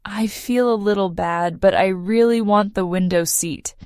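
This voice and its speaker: A woman narrating a simple first-person story for English learners, clear and measured. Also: medium pitch, darkish tone, no echo, clean studio sound. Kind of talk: slow read-aloud story for learners.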